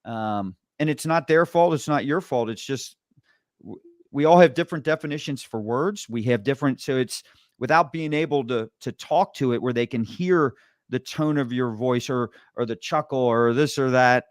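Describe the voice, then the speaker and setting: A man of medium pitch hosts a podcast and asks his guest questions in an easy, reflective way. His voice sounds dry and close, with no room around it. He talks things through loosely, thinking aloud as he goes. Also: moderate pace, no room sound. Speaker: podcast host. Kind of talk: casual podcast interview.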